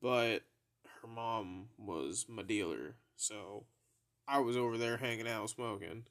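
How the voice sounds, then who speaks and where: A man's voice: on the low side, slow pace, fairly bright tone. A young man hosting a podcast, telling a story in a laid-back, profane way and laughing often as he goes. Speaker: podcast host. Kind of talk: casual storytelling.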